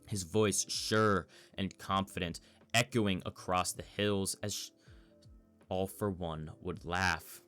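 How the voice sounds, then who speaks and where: A man narrating a fan story in a measured storytelling manner. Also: low-pitched, fairly even intonation, a bit bright, smooth, soft background music.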